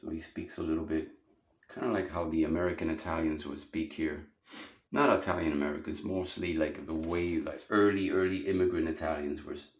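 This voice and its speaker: A man's voice: extremely low pitch, fairly even intonation, fairly quick, echoey room. A man teaching a drawing lesson, talking casually and thinking aloud as he sketches.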